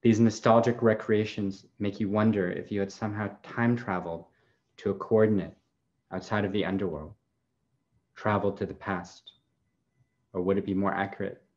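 A man with a very low, deep voice gives a poetry reading. He delivers a long chain of questions in a measured, incantatory cadence. The audio is dull and lo-fi. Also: darkish tone. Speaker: poet.

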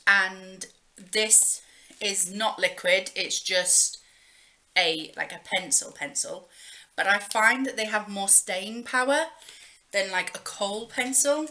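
Woman, young adult, beauty vlogger; leisurely, chatty delivery full of ums; bright, forward voice. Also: mid-range voice. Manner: chatty and rambling, with many pauses and fillers. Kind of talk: casual show-and-tell chat.

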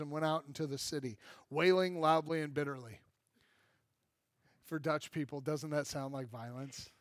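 A male pastor preaching a sermon, animated and self-deprecating, full of rhetorical questions and humor. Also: high voice, no echo, studio quality. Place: church.

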